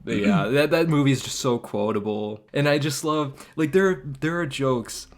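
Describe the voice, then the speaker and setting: A man's voice: medium pitch, moderate pace. A young man co-hosting a podcast, chatting casually about movies, rambling and swearing often. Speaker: podcast co-host. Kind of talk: casual chat.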